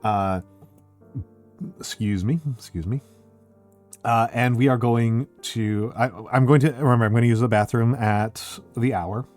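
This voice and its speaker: A young man streaming, chatting casually with his viewers and thinking out loud, his voice scratchy because he is under the weather. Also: medium pitch, fairly even intonation, a little slow, soft background music. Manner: rambling, thinking out loud with fillers.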